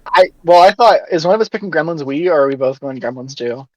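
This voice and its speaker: A man's voice: on the high side, lively intonation, fast, a little mellow, lo-fi sound. A man co-hosting a casual podcast, blunt and teasing, swearing freely. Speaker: podcast co-host. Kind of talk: casual chat.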